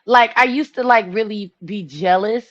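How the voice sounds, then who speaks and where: Animated woman chatting. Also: on the high side, moderate pace, no room sound, muffled recording. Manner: animated, laughing, acts out relatives' voices. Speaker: host. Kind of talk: casual chat.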